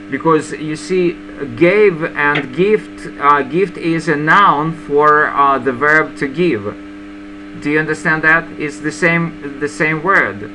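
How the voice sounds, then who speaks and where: A man's voice: on the high side, low-quality recording. A man teaching English, patiently explaining vocabulary to his students with frequent fillers. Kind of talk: online lesson explaining vocabulary. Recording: mains hum and background noise.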